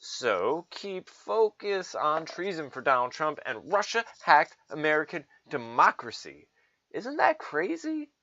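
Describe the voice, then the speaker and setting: A man's voice: a little high, big pitch swings, unhurried, hardly any pauses, pushed and bright, dry recording, dull audio. A man giving ranting political commentary, sarcastic and profane, mocking others in put-on voices.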